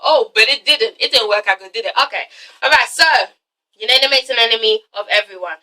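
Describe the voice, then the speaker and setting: A woman with a bright, sharp, high voice recaps a TV episode in a casual, emphatic way, swearing freely. Her voice sits a little back from the microphone. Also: fast talker, recorded from a distance, poor audio. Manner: profane, emphatic, re-enacts dialogue. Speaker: TV episode reviewer.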